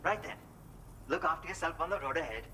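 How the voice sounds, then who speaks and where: A courteous, grateful son in a video game, with a bright, forceful voice. He speaks formally and in measured phrases, over faint background noise. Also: fairly high pitch, lively intonation, full character voice. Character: grateful adult son of a survey expedition member.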